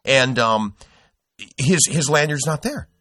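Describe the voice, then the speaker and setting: A man's voice: mid-range voice, expressive, slow pace, fairly bright tone, no echo, studio quality. A middle-aged man hosting a podcast, telling a rambling, profane story with lots of restarts. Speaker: podcast host. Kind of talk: casual podcast chat.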